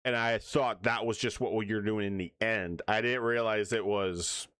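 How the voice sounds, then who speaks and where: Low-voiced male streamer, rambling and casual. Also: steady tone, normal speed, a bit bright, clean tone, no room sound, clean studio sound. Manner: rambling, restarts often, hiccups. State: hiccups. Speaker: livestreamer.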